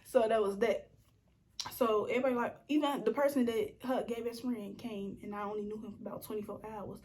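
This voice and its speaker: A young woman telling a storytime vlog, animated and acting out what people said, sometimes dropping to a whisper. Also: mid-range voice, slight background noise. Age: young adult. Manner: animated, acts out quotes, slips into whispers. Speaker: vlogger.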